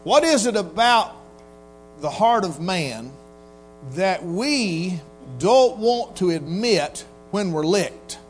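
A man delivers a sermon in a homespun, storytelling manner. His voice sits high, and he slips into little voices to act out what people say. A faint organ-like music bed and a mains hum run underneath. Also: animated, slow pace. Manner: folksy Southern preacher, acts out quotes in voices. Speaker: pastor.

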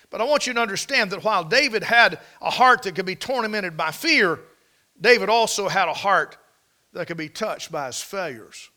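Bright, high-voiced preacher man. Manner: emphatic, folksy, asks the congregation rhetorical questions. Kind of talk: sermon.

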